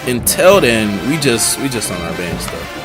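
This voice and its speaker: A man's voice: mid-range voice, sing-song, normal speed. A man hosting a live stream and reacting to marching band videos in casual, rambling talk, often repeating himself while he searches for names. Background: band music playing.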